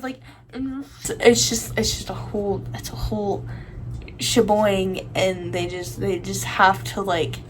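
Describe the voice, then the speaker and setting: A woman's voice: medium pitch, a little hiss or hum, low-quality recording. A young woman in her teens ranting casually to the camera, rambling with lots of fillers and restarts. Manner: rambling, full of likes and restarts. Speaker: vlogger.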